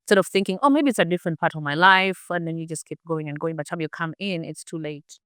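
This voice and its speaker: A woman's voice: low voice, quick pace, fairly bright tone, clear, resonant tone, no echo, studio quality. A middle-aged woman, the guest expert in an interview, explaining health topics with everyday examples and acted-out inner thoughts. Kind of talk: conversational interview.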